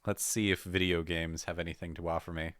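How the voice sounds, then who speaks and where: A man's voice: sits low, flat delivery, brisk, a little hiss or hum. A young Welsh man streaming live, chatting casually, swearing freely and laughing often. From Wales. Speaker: livestreamer. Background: loud guitar music.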